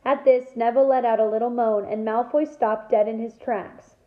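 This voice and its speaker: A woman teacher reads a novel aloud to her class with lively storytelling and a fairly high voice. The sound is roomy and comes through a tinny, phone-like line. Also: moderate pace. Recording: echoey room over a thin phone-like line.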